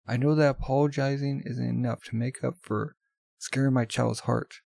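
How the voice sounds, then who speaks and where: Man reading the part of a remorseful middle-aged father, earnest and halting, gravelly voice, dry sound. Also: mid-range voice, steady tone, dark tone, no echo. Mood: pleading. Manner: earnest, halting public apology.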